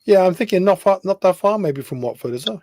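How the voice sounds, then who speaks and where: A man's voice: high voice, animated, quick pace, darkish tone, dry recording. A man hosting a fan phone-in, asking questions in a friendly way and reading out viewer comments. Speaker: host. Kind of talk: casual chat.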